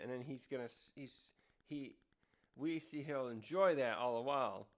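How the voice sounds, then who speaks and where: A man's voice: fairly high pitch, moderate pace. A man hosting a casual review, rambling and often restarting his sentences. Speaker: host.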